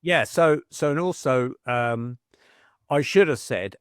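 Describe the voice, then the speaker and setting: A man's voice: mid-range voice, lively intonation, slow pace, clear, resonant tone, no echo, studio quality. A middle-aged man, a podcast guest telling chatty anecdotes and acting out quoted voices. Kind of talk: casual storytelling.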